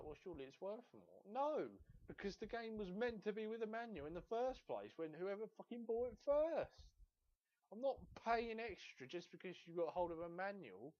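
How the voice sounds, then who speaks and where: A man's voice: high-pitched, moderate pace. Ranting, swearing man, lo-fi. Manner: exasperated, swears constantly, animated rant. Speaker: gaming video host. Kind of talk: profane ranting review. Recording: dull lo-fi home recording.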